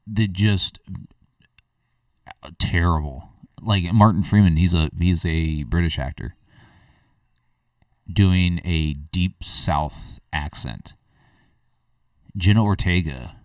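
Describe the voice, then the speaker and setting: Blunt, very low-voiced man reviewing a film. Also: slow, pauses often, no echo, clean studio sound, recorded from a distance. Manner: blunt, rambling, frequent fillers and restarts. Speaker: film reviewer, podcast host. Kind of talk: casual spoken movie review.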